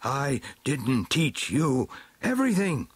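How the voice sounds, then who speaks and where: A man doing Beastman, gruff defiant brute. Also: fairly low pitch, animated, slow pace, a bit bright, no room sound, heavily acted. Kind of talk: storybook reading.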